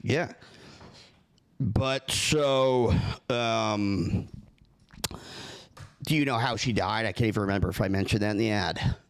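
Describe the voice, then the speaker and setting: A man's voice: fairly low pitch, takes it slowly, long pauses. A man making a prank call, earnest and rambling, keeping a straight face. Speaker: prank caller.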